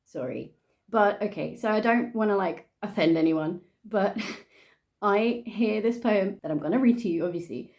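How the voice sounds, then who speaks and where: True crime vlogger, a woman with a Dutch accent; mellow, casual, snarky asides. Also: medium pitch, animated, normal speed, gravelly. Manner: chatty, sarcastic asides, frequent laughs.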